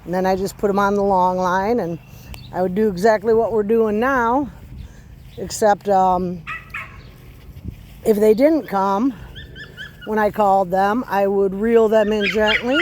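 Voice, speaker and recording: Slow-talking woman explaining outdoors. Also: mid-range voice, slight background noise. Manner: calm, unhurried explaining. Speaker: dog owner training her puppy. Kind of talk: casual instructional walk-and-talk. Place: outdoors on rural back property.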